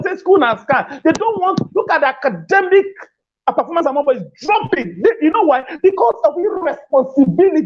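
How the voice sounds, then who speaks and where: A woman's voice: very high-pitched, sing-song, fairly quick, a little mellow. A woman gives an emphatic, preachy parenting talk, repeating her key phrases and laughing between points. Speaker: parenting speaker. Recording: dull lo-fi recording.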